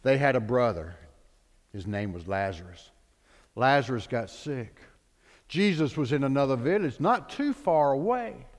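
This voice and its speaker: A man's voice: medium pitch, expressive, measured pace. A man preaching a sermon, a dramatic preacher who acts out the people in his stories. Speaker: pastor. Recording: long hall reverb.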